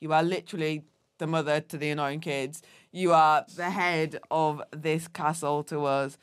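A woman contestant speaking in a slow, earnest, encouraging way to a friend. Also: deep voice, fairly even intonation, smooth. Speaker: reality show contestant. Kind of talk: casual chat.

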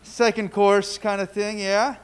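A man's voice: sits high, flat delivery, unhurried, clear, resonant tone. A man leading a children's story in church, playfully asking the kids questions and telling a story. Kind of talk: children's sermon. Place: church sanctuary.

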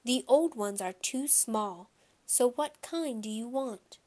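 A fussy mother who frets over small things and pleads with her children, as a woman narrator puts her on. The voice sits a bit high and frets in a storybook tone. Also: animated, slow pace, darkish tone. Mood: coaxing firm. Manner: fretful, pleading. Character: fussy, anxious mother of two boys.

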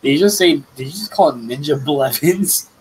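A man in casual chat with friends while gaming, excitable and complaining, laughing often. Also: a little high, brisk, noisy background. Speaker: gamer.

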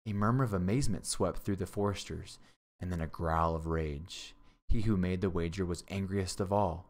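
A male teacher reading a classic novel aloud to a class, sometimes stumbling and correcting himself, and pausing to explain words. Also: deep voice, darkish tone.

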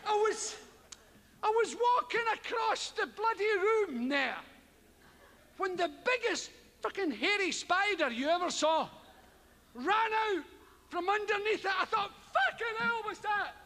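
A stand-up comic with an extremely high-pitched voice speaks a little slowly, leaving long pauses that ring out in a long reverb tail. He's animated and sweary, impersonating the people in his tales. The clip is a live stage recording with background noise.

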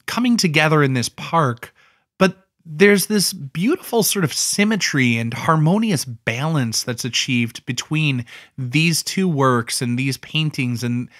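A man's voice: on the high side, fairly bright tone, no room sound, studio quality. A man hosting an art history talk, explaining a painting in a casual, conversational way with offhand asides.

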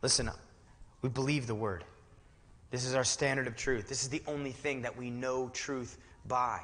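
A man preaching from the pulpit of a church sanctuary, his tone bright and forward. He slips between casual, chatty asides and rising, emphatic declarations. The sound rings out with the long reverb of a large hall. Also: medium pitch, steady tone, normal speed. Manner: conversational, building to fervent emphatic preaching. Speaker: pastor. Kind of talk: sermon.

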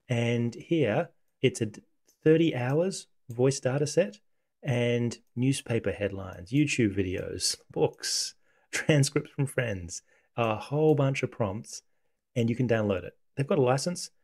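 A man hosting a casual coding tutorial, talking through software on screen in a relaxed, conversational way. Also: mid-range voice, slightly rough. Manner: relaxed, conversational, thinks aloud.

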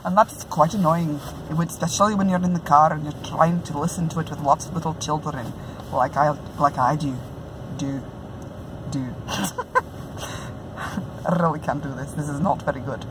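A woman's voice: deep voice, fairly even intonation, moderate pace, background noise. A middle-aged woman with a put-on Scottish brogue gives a chatty, self-mocking book review, often breaking into laughter. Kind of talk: casual book review vlog.

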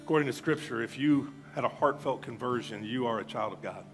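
A man preaching a sermon, telling a story earnestly and then leading a hushed, reverent prayer. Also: medium pitch, moderate pace. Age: adult, old enough to have grown up past second grade. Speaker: pastor. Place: church service. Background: soft guitar music.

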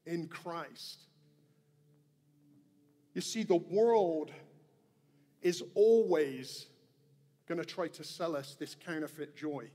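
A pastor delivers a sermon in a church sanctuary, his fairly high male voice slightly mellow and full of conviction. He speaks earnestly and emphatically, repeating phrases and setting down each point slowly and deliberately while the hall's long echo carries his words.

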